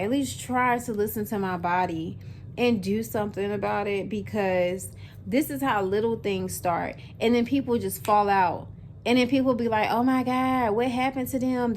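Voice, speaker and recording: A woman's voice: a little high, a little hiss or hum. A woman in her twenties talking casually to camera as a vlogger, chatty and full of fillers, speaking straight to her viewers. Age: 20s. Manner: chatty, filler-heavy, addresses viewers as y'all.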